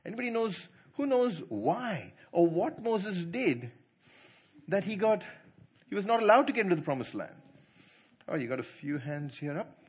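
A man preaching to church leaders, quizzing the audience and telling stories with animated delivery. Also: high-pitched, moderate pace, husky. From not from India. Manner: animated, asks the audience questions, laughs easily. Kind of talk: sermon.

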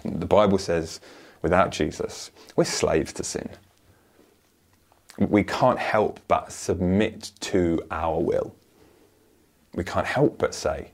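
A man preaching a sermon, lively and earnest, acting out imagined voices and often repeating words as he starts a thought. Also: mid-range voice, unhurried. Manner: animated, acts out voices of others, repeats words when starting.

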